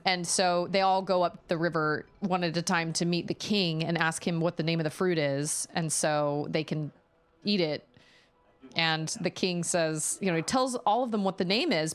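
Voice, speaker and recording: A woman's voice: on the low side, moderate pace. Chatty woman streamer telling a story. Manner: animated, rambling storyteller. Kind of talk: casual chat while gaming.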